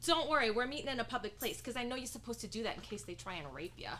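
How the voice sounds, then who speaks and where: A woman's voice: on the high side, sing-song, very fast, sharp tone. An actress performing a stage comedy monologue as a chirpy young woman gushing about a date, giggly and chatty. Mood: bubbly. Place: acting studio stage before an audience. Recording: noticeable background noise.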